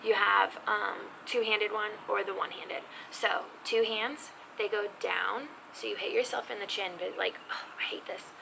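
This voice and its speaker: A woman gives a casual sign language lesson from her home, teasing herself and sometimes dropping to a whisper. Her voice has a gravelly edge. The recording carries a steady layer of background noise. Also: medium pitch, normal speed. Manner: chatty, self-teasing, drops to whispers. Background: neighbor's music faintly heard.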